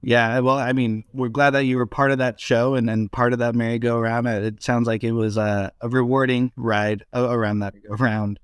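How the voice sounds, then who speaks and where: A man's voice: medium pitch, flat delivery, normal speed, few pauses, clean tone, no room sound, studio quality. A man hosting an interview, asking loosely phrased, conversational questions. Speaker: interview host.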